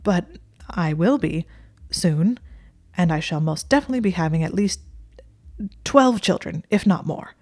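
A woman's voice: on the low side, lively intonation, measured pace, long pauses, a little mellow. A woman reading the lines of a proud, pompous young wizard who sounds indignant and choked. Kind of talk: storybook reading.

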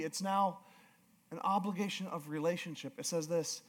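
A man's voice: high voice, moderate pace, fairly bright tone. A male pastor preaching a sermon with emphatic, repeated phrases.

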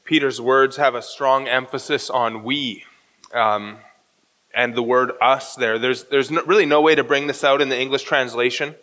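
A man's voice: mid-range voice, fairly even intonation, moderate pace, fairly bright tone, long reverb tail. A man preaching a sermon as pastor, walking through a scripture passage verse by verse and explaining the original Greek.

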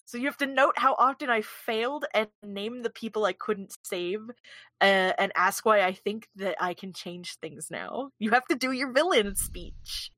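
A woman playing in a tabletop game, teasing and quick to laugh as she chats. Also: medium pitch, animated, a bit bright, no room sound. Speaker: player. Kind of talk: casual tabletop play.

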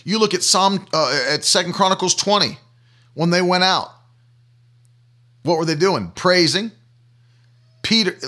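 An emphatic male preacher with a high, bright voice delivers a sermon. He hammers his points by repeating them, pushing the tempo up and slowing down to stress a line.

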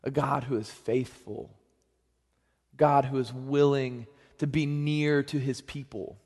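Young man, pastor, casual joking sermon, pitch and volume swing up and down, long hall echo. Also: fairly even intonation, slow, a little mellow.

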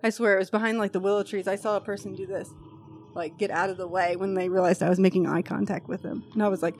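A woman's voice: medium pitch, level tone, fast talker, darkish tone, faint music behind. A woman hosting a podcast in casual chat, reading a post aloud with chatty, freely swearing asides. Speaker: podcast host.

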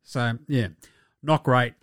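A man's voice: mid-range voice, fairly even intonation, slow pace, fairly bright tone, dry recording, studio quality. A young Australian man hosting a casual basketball podcast, sarcastic and profane, often putting on mocking voices for the people he talks about. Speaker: podcast host. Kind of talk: casual sports commentary.

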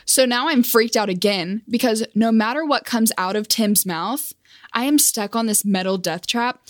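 A woman's voice: a little high, no room sound, clean studio sound. A young woman telling a casual storytime monologue as a vlogger, self-deprecating and awkward, laughing at herself.

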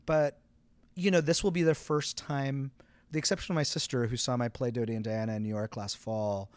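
A man from Canada, a theatremaker guest, talking casually in an interview as an animated storyteller who says "like" a lot and laughs often. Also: mid-range voice, a little fast, clear, resonant tone, no room sound.

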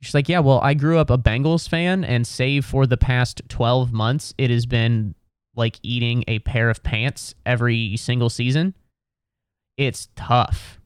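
A man's voice: medium pitch, steady tone, measured pace, clean tone, dry recording, clean studio sound. A young man from Ohio rambling sardonically on his solo podcast, slipping into mocking voices. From Cincinnati, Ohio. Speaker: podcast host. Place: New York City.

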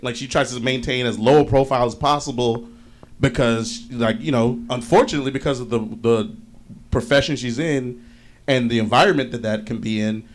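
A man's voice: medium pitch, a little fast, a little hiss or hum. A man co-hosting a casual group chat, telling a rambling story full of fillers, restarts and mild swearing. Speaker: podcast co-host.

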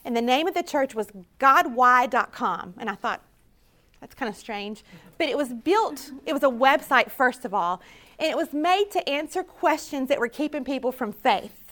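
A woman with a fairly high voice tells her faith story to a conference audience. She speaks earnestly and keeps quoting the prayers she once said. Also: animated, normal speed, fairly bright tone. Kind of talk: personal testimony talk.

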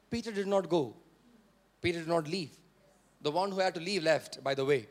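Male pastor, sermon delivery, high-pitched, repeats lines for emphasis and calls on the congregation to respond. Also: normal speed, pauses often. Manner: repeats key phrases for emphasis; questions and prompts the congregation.

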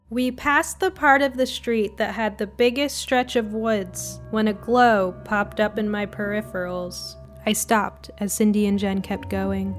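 A woman calmly narrating a first-person spooky story in an even storytelling manner. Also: mid-range voice.

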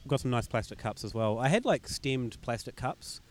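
A man hosting a casual podcast chat outdoors in a park, relaxed and jokey. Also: mid-range voice, a little fast. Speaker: podcast host.

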